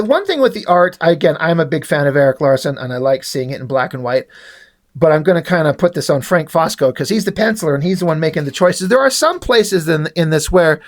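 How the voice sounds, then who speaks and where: A man with a notably high voice talks through a comic book on camera. He rambles casually, swears freely and trips over his own restarts.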